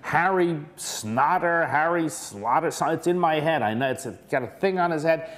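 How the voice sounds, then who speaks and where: A man's voice: a little high, expressive, normal speed, a bit bright, voice pushed up. A man putting on the voice of a nervous woman who wants to be a writer, pleading and close to tears. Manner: pleading, tearful.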